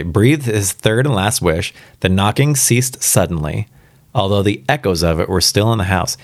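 A man's voice: low voice, vocal fry, dry recording, studio quality. A man reading a spooky story aloud for the first time, casual and reacting aloud between passages. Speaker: reader.

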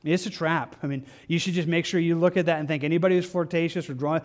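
A man's voice: a little high, fairly even intonation. A man teaching through Bible verses in a loose, conversational way, often restarting his sentences. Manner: conversational, halting with frequent restarts and fillers. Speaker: pastor.

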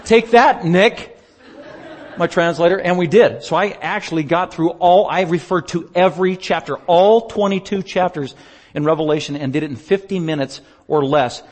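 A male pastor chatting through a slideshow report during a church service, telling stories in an animated way and laughing often. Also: fairly high pitch. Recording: long reverb of a large hall.

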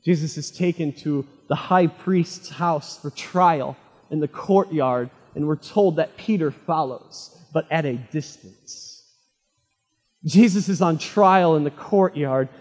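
A male pastor delivers a sermon in a high, husky voice that rings out in a hall with a long reverb. He retells the story dramatically, climbing loud and fervent, then dropping to a hush. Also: slow.

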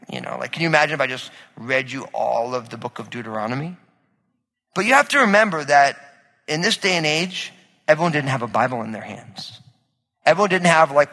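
A man's voice: fairly high pitch, animated, moderate pace, bright, forceful tone, long reverb tail, poor audio. A male pastor giving a sermon in a conversational style, often asking the congregation questions. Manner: conversational, asks the audience questions.

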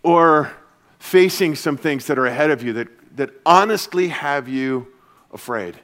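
A man preaching as a pastor to his church, earnest and energetic, dropping to a soft, hushed voice for comforting passages. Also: a little high, measured pace. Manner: earnest, shifts to soft hushed tones when quoting Jesus. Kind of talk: sermon. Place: church service.

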